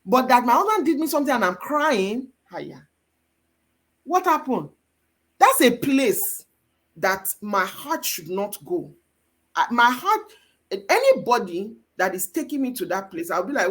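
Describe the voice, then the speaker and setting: Animated woman with a Nigerian accent. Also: on the high side, unhurried. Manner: animated, emphatic preacher-like delivery. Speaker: guest mentor. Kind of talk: faith-based marriage teaching.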